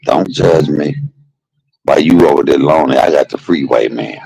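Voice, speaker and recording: A man streaming a casual storytelling monologue, animated and laughing, shifting between jokes and heartfelt moments. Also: a bass voice, moderate pace, vocal fry, slightly rough, low-quality recording.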